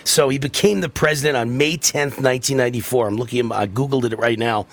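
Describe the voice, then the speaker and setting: A man's voice: medium pitch, steady tone, quick pace. A man hosting a political talk radio show, talking in an emphatic, heated way with lots of repetition.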